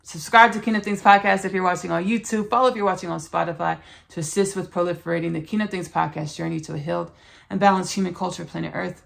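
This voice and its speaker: A woman's voice: on the low side, fairly even intonation, fast, vocal fry. A woman hosting a spiritual podcast, speaking in an earnest, repetitive, preachy way as she talks about channeling. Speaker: podcast host.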